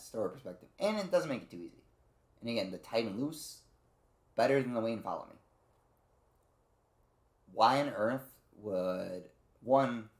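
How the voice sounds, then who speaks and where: A man with a low, gravelly voice talks through a video game in a loose, rambling way, swearing often and slipping into quoted lines from the characters. The sound is roomy, with a clear echo around him. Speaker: game reviewer and streamer. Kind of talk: casual spoken game review.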